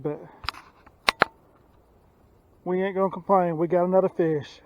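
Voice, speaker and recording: A man's voice: high-pitched, fairly even intonation, measured pace, long pauses, dull audio, a little hiss or hum. A man from north Alabama, casually narrating a fishing trip by a lake, out of breath and talking to the camera. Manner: laid-back, talks to the camera while fishing. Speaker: fishing vlogger. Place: outdoors by a lake.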